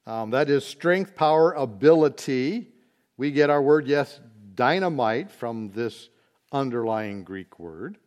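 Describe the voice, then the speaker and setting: A man teaching a Bible study, explaining word meanings slowly and deliberately, with occasional fillers. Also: mid-range voice, expressive, a little mellow.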